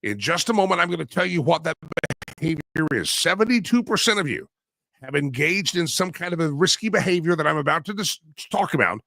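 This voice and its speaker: Hoarse, animated male talk radio host. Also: on the high side, fairly quick, no room sound, clean studio sound. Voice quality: raspy. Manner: animated, teasing, jumps between loud and mumbled. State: hoarse, voice wearing out. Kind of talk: opinionated talk radio monologue.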